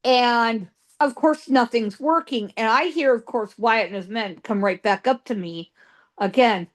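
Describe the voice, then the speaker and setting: A woman's voice: on the high side, unhurried. A woman guest psychic telling a ghost story in a dramatic way, acting out voices and sounds and often saying "you know".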